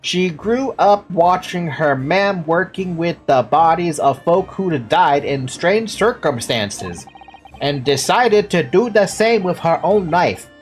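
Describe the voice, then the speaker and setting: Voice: mid-range voice, expressive, takes it slowly, faint music behind. A game streamer reading a shifty Scottish male official's lines in a put-on Scottish accent. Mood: telling. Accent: Scottish, as put on by the player. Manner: attempted Scottish accent with dialect words. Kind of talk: reading game dialogue aloud.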